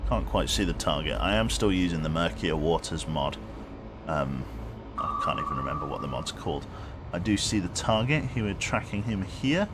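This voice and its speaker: A man's voice: deep voice, animated, moderate pace. A man streaming a submarine game, chatting casually with dry, self-mocking humor. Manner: rambling, wry, self-mocking. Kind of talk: casual live-stream commentary. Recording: noisy background hum.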